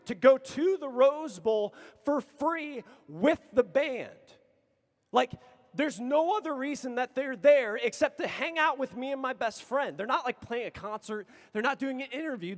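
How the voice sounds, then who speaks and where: A man in his thirties, a youth conference speaker telling a story with excitable energy and sudden shouts. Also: very high voice. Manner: excitable, animated, bursts into shouts. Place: large conference hall. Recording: long reverb of a big hall.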